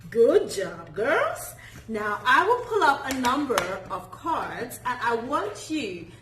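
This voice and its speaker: A woman teaching a children's phonics lesson, modelling sounds slowly and praising warmly in a sing-song way. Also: on the high side, sing-song, reverberant, a little hiss or hum, rough recording.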